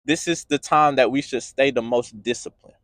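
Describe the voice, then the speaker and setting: A man's voice: mid-range voice, moderate pace, fairly bright tone, no echo. Earnest man giving a motivational talk. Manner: earnest, repetitive, preacher-like build-ups. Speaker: motivational podcast host.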